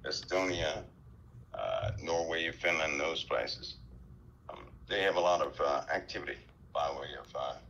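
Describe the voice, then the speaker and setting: A man speaking on a headset as a guest on a talk show, halting, with many fillers and restarts. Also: low-pitched, sharp tone, slight background noise, rough recording. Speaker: guest commentator. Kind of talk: call-in talk show chat.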